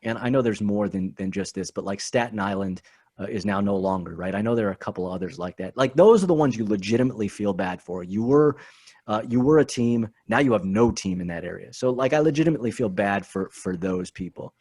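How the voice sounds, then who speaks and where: Emphatic man talking fast on a podcast. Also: on the low side. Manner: animated, emphatic, repeats words. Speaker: guest, team spokesman. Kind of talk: casual podcast chat.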